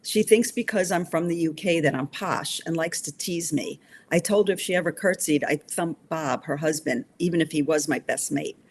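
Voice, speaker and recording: A woman's voice: deep voice, moderate pace, slight background noise. A woman voicing a charming, teasing young British male soccer coach while reading her novel aloud. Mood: cheery. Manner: cheery and teasing.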